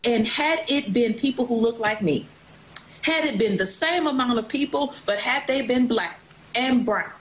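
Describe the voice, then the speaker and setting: A congresswoman giving a forceful public speech, with repeated emphatic phrasing. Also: on the high side, animated, moderate pace, lo-fi sound.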